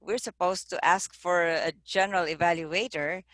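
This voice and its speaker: A woman's voice: lowish voice, fairly even intonation, normal speed, fairly bright tone, dry recording. A woman chairing an online meeting over a video call, in a chatty, self-deprecating manner.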